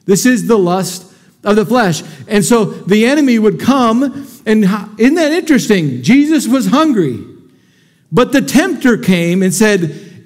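A man with a notably high voice preaches to a congregation in a church. He talks energetically and conversationally, often tossing questions out to the people in front of him. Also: sing-song, unhurried. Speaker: pastor. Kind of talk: sermon. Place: church sanctuary before a congregation.

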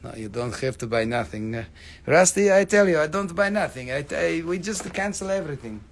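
A man's voice: on the high side, expressive, a little fast, creaky. A man voicing a blunt, grumpy male customer who speaks broken English.

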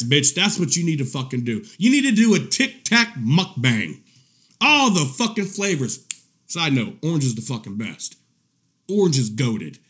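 A man giving casual reaction commentary in a profane, mocking, animated way, often breaking into laughter. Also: fairly high pitch. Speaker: commentary vlogger.

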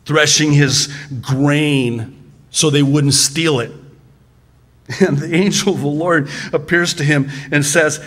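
Slow-spoken, easygoing male pastor. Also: a little high, a bit bright. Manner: conversational and humorous, with stammered restarts and drawn-out pauses. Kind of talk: sermon.

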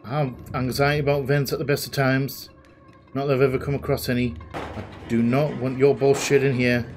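A man's voice: mid-range voice, little pitch movement, brisk. A man giving let's play commentary on a game, jumpy and swearing constantly as he talks to the game. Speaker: gaming video host. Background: game music.

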